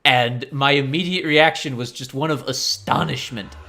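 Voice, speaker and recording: A man hosting a game video, ranting in an animated, incredulous way. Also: medium pitch, normal speed, vocal fry. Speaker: gaming channel host. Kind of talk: casual let's-play rant.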